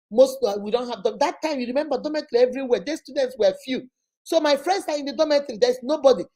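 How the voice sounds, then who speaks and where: A high-voiced woman with a Nigerian accent, a motivational vlogger, tells personal stories in a lively monologue. She animatedly acts out what her family members said and drops Igbo words into her speech.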